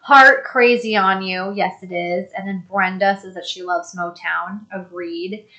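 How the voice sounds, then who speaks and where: A woman hosting a live stream, chatting casually and reading viewer comments aloud in an upbeat, think-out-loud way. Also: mid-range voice, steady tone, measured pace. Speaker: host.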